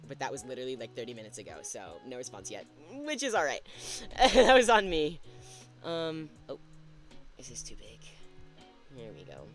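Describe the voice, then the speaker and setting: A man's voice: mid-range voice, huge pitch swings, moderate pace, fairly bright tone, soft background music. A man chatting casually on a livestream while drawing, thinking aloud and laughing at himself. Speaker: streamer.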